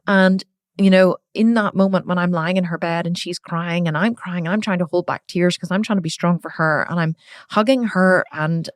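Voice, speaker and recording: A woman's voice: on the low side, no room sound, studio quality. Earnest, emotional middle-aged woman host. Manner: emotional, earnest, repeats herself for emphasis. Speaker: podcast host. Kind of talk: personal reflective monologue.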